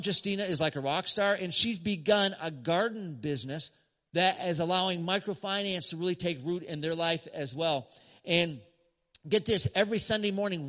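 A male pastor tells a story from the pulpit with a bright, slightly high voice, pausing for emphasis and laughing now and then. His words ring out with a long reverb in a large hall. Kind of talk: sermon story to a congregation.

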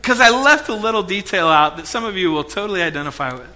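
A pastor stands before his congregation and tells a story in lively sermon fashion, acting out every quote. His voice sits high for a man and sounds very bright and sharp. He drops to near hushed tones, then bursts out loud again. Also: fast talker. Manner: animated storytelling, acts out quotes, swings loud and soft. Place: church hall before a congregation.

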